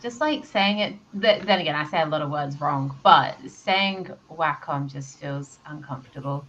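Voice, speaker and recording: A woman chatting casually while she draws, self-deprecating and quick to laugh. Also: low-pitched, a bit bright. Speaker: co-host of an art stream. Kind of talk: casual chat while drawing. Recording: dull lo-fi call audio, faint noise.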